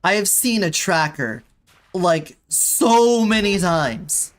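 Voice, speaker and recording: A VTuber streamer plays a video game, chatting casually with viewers and pleading with the game in exasperation. Her voice is fairly low, animated, and slow-paced.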